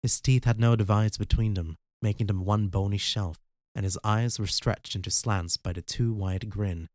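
A man narrating a fan audiobook in a steady, even reading voice. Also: lowish voice, normal speed, dry recording. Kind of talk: scripted narration.

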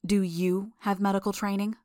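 A woman's voice: fairly low pitch, animated, fairly quick, darkish tone, no echo, clean studio sound, close to an everyday voice. A woman doing a stern disapproving fiftyish clinic doctor. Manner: curt, disapproving. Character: stern gray-haired woman in her fifties, clinic doctor.

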